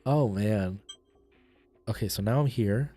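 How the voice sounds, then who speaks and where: A man chatting casually on a livestream while playing a game, rambling and restarting his sentences and breaking into excited outbursts. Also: lowish voice, slow. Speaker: game streamer.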